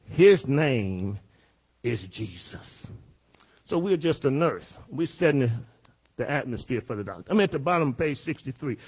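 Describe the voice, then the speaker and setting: Emphatic preacher man, high voice. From Southern United States. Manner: emphatic, repeats phrases, rises to shouts. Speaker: pastor teaching a Bible class. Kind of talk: preaching Bible study lesson.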